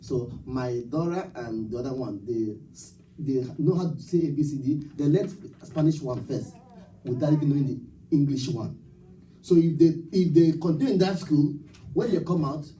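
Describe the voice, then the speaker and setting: A man's voice: a little high, dark tone, far from the mic, a little hiss or hum, rough recording. A man preaching a live church sermon, rousing the congregation with call-and-response and rhetorical questions. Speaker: pastor. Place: church sanctuary at a live service.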